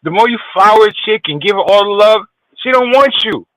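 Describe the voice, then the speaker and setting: A man's voice: high-pitched, animated, brisk, a bit bright, no echo, low-quality recording. Brash, profane man telling stories. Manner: brash, profane, boastful storytelling. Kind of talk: crude casual chat.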